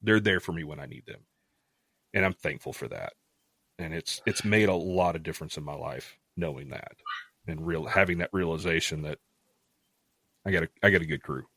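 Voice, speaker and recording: Casting: middle-aged man, deep voice, earnest storyteller, dry close sound. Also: moderate pace, pauses often, bright, forceful tone, dry recording. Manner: earnest, heartfelt, restarts often. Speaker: podcast guest. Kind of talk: casual storytelling.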